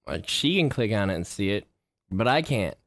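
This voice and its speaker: A man's voice: on the low side, very animated, moderate pace, no room sound, studio quality. A man vlogging in a casual, rambling monologue, swearing freely and getting worked up as he talks. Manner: profane, rambling, gets worked up.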